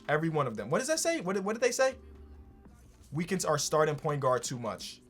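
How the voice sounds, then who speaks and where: A young man and gaming YouTuber giving casual, excitable gameplay commentary that bursts into shouting when he gets thrilled. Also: a little high, brisk, faint music behind.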